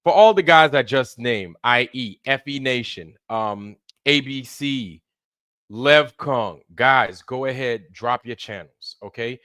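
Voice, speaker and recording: A man's voice: medium pitch, takes it slowly, sharp tone, dry recording, studio quality. A man hosting a casual live stream, greeting viewers by name in a loose, repetitive style with hype. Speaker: livestream host.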